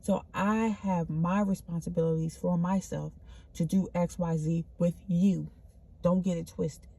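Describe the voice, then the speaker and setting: A woman's voice: lowish voice, steady tone, measured pace, creaky, dark tone, slightly rough. A woman vlogging an earnest, spiritual pep talk, repeating herself and calling the listener honey. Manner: spontaneous, loose restarts. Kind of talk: spiritual motivational monologue.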